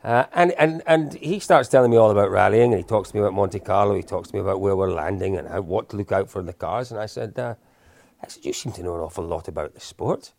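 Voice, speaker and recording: Man, low gravelly voice. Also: fast talker, darkish tone, no room sound. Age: 50s. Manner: chatty and self-deprecating, with frequent restarts. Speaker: podcast co-host. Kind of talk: anecdotal storytelling, casual chat.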